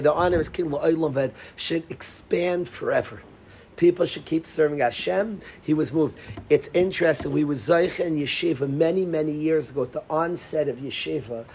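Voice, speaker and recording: Man, rabbi giving a lively class, animated, slightly high voice, faint background noise. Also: low-quality recording. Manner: animated, calls on students by name, drops to whispers. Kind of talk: lively Torah lecture.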